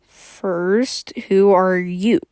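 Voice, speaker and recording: A woman's voice: mid-range voice, steady tone, very slow, a little mellow, clean tone, dry recording, clean studio sound. A woman voicing a wary young woman who stammers and hesitates, in a read-aloud story.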